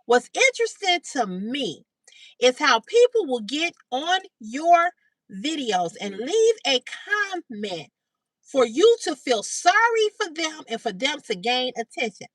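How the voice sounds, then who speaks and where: A woman hosting a casual livestream, retelling a story in a chatty, animated way and greeting viewers by name. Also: sits high, unhurried, dry recording. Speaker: livestream host. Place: outdoors in sunlight.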